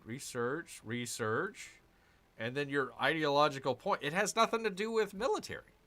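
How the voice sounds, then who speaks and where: A man's voice: on the high side, sharp tone. Exasperated man grumbling through gameplay. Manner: exasperated, grumbling, sarcastic asides to viewers. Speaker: gaming channel host. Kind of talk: casual gameplay commentary.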